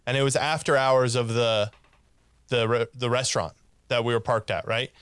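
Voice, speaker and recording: A man's voice: mid-range voice, steady tone, moderate pace, fairly bright tone, clean tone, dry recording. A man casually telling a story on a podcast, laughing and acting out quoted lines.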